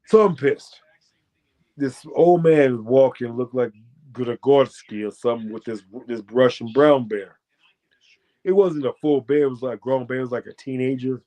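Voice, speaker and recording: An American man, a former fighter, telling a profane, boastful story as a guest and breaking into loud shouted quotes. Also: mid-range voice, moderate pace. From United States. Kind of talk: animated storytelling.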